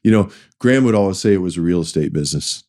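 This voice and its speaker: Deep, mellow-voiced man telling career stories. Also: lively intonation, racing. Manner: rambling, restarts often, acts out quoted dialogue. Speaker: guest, finance executive. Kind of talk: conversational interview storytelling.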